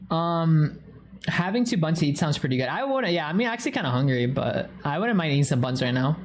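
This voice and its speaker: Chatty young woman streamer, lively pitch. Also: quick pace, a little hiss or hum. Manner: swearing storyteller, chatty, lively. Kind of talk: casual live-stream chat.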